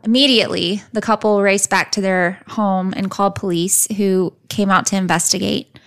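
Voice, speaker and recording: A woman's voice: medium pitch, fairly even intonation, moderate pace, a bit bright. A woman hosting a true crime podcast, telling a case from her notes in a casual, chatty way with playful asides. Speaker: podcast host. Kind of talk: casual chat and case narration.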